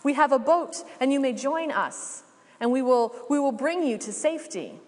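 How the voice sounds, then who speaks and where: Kind family pleading from a rowboat, voiced by a woman preacher, high and slow. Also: lively intonation, a little mellow, big-room sound.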